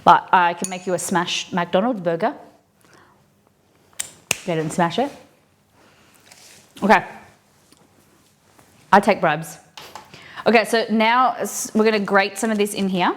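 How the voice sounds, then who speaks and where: A woman's voice: mid-range voice, fairly even intonation, moderate pace, long pauses, slight background noise. A woman hosting a live cooking stream, chatting and rambling through stories with lots of fillers as she cooks. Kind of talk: casual chat while cooking. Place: home kitchen.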